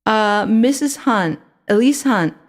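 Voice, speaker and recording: A woman doing a jittery girl playing grown-up, her words tumbling out in nervous stammers. The voice rides high and tight, with a storybook read-aloud feel. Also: lively intonation, slow. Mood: flustered. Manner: stammering, flustered.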